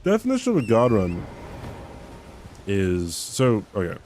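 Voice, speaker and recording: Young male streamer, very low voice, casual rambling chat, self-mocking. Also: wildly swooping pitch, measured pace, darkish tone, a little hiss or hum. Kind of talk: casual chat while gaming.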